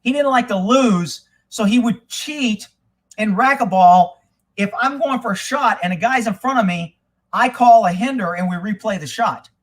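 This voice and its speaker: A man's voice: high-pitched, moderate pace. A man, a former police investigator, telling profane stories in casual talk and acting out the people he quotes. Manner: animated, swears often, acts out quoted people. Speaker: podcast host telling stories.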